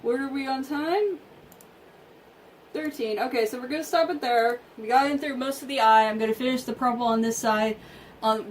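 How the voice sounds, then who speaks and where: High-voiced woman chatting from a distance. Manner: chatty, talks to herself while working. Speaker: vlogger. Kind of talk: casual chat while doing makeup. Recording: distant mic with faint room noise.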